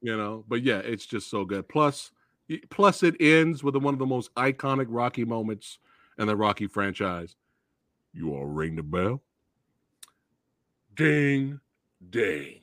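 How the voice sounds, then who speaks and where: A man's voice rises and falls all over the place as he rants with glee about movies he loves, dropping curses along the way. His tone is bright and forward, and the recording is dry and close, with almost no room sound. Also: medium pitch, measured pace, no room sound. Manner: excitable, profane, acts out movie quotes. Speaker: podcast host. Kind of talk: casual movie chat.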